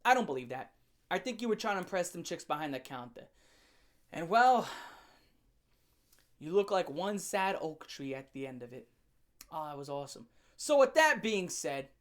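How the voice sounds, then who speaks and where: A man delivering a casual, profane reaction rant as an online commentator, mocking and swinging from loud bursts to low muttering.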